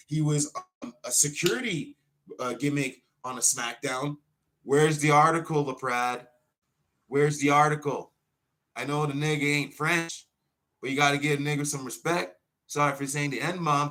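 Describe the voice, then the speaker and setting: Man ranting and cursing on his show. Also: on the high side. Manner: heated, swearing, loud outbursts then muttering. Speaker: wrestler hosting his own show. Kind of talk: unscripted profane rant.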